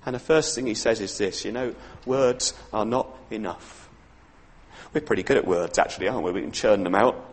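A middle-aged man preaching a sermon, telling the story in a lively way and voicing the people he quotes. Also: fairly low pitch, moderate pace. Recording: long reverb of a large hall.

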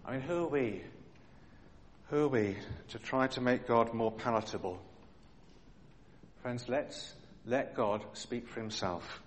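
A man's voice: medium pitch, unhurried, pauses often, slight background noise. A man preaching a sermon in a church hall, earnest and dramatic, full of rhetorical questions.

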